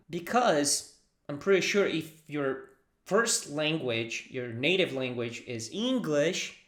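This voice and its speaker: A Brazilian man, a native Portuguese speaker, speaks English with a Brazilian accent and teaches greetings at an unhurried pace. He is patient and sets out short phrases for the listener to repeat. His voice carries a roomy echo, as if recorded in a bare room. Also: fairly high pitch, expressive. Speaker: language teacher. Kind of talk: language lesson.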